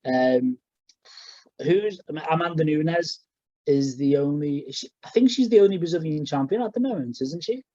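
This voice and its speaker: A man's voice: on the high side, normal speed, mellow, no echo. Rambling young man on a dull lo-fi podcast. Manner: rambling, full of fillers and restarts. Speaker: podcast co-host. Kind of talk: casual chat.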